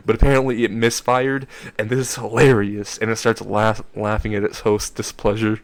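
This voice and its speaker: A man narrating a comedic fan story in a rambling, excitable way, correcting himself as he goes. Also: medium pitch, brisk, no echo.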